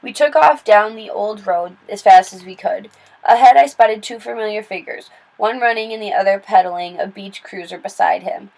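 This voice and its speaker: A woman reading a children's novel aloud in steady, plain storytelling with small slips and restarts. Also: mid-range voice, normal speed, creaky, poor audio. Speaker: read-aloud narrator.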